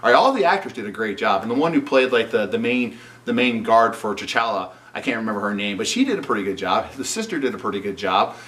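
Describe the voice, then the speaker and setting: A man's voice: on the low side, lively intonation, fast, few pauses, a bit bright, distant mic. Sarcastic man reviewing a film. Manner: sarcastic, indignant, fills with "you know". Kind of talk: opinionated spoken movie review.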